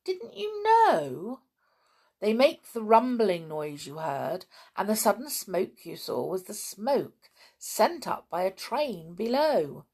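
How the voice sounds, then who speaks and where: A woman voicing a kindly grown man who explains things gently and patiently. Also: medium pitch, very animated, slow pace, husky, full character voice. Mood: amused.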